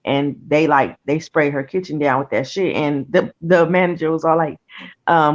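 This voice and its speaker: Brief: woman, casual and profane, animated retelling, muffled lo-fi audio. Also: low-pitched, normal speed. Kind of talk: casual chat, storytelling.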